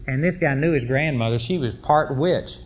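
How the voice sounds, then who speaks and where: A man's voice: mid-range voice, moderate pace, a little hiss or hum. A middle-aged man preaching a sermon, telling personal stories in a folksy, emphatic way. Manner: folksy, emphatic storytelling with rising intensity. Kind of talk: sermon storytelling.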